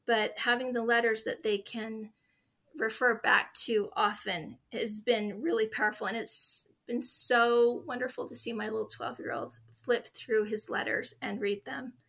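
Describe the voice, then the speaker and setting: Bright-voiced earnest woman guest. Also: on the high side, fairly even intonation, measured pace. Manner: earnest, heartfelt storytelling. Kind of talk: conversational interview.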